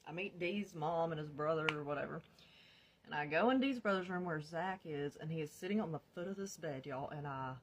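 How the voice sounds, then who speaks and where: A young woman telling her own story to the camera in a casual, animated way, swearing freely, laughing often and calling her viewers y'all. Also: sits low, brisk, a little hiss or hum.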